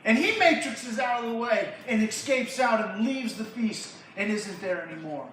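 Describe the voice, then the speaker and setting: A man, a youth pastor, retelling a Bible story in a lively, slangy way to a church group. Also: sits high, normal speed, hardly any pauses. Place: church hall. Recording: echoey hall from far off, faint noise.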